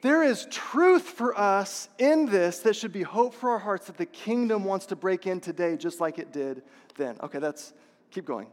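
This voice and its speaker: Man, pastor, sermon, rhetorical questions, repeats key phrases, high-pitched, echoing hall. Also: lively intonation, moderate pace. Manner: passionate, repetitive preaching with rhetorical questions. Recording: long reverb of a large hall.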